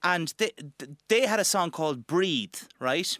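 An Irish man in his forties, a radio guest telling stories in an animated, chatty way. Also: high voice, no room sound, clean studio sound. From Ireland. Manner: animated storyteller, quick asides. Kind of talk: casual chat.

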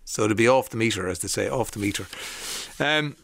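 A man's voice: lowish voice, fairly quick, gravelly, fairly bright tone, slight background noise. Chatty Irish male radio presenter. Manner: rambling, anecdotal, frequent fillers.

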